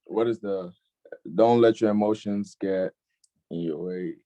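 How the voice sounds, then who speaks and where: Brief: young male youth-group host, low mellow voice, laid-back, keeps saying "facts.". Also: unhurried, lo-fi sound. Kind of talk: casual online group discussion.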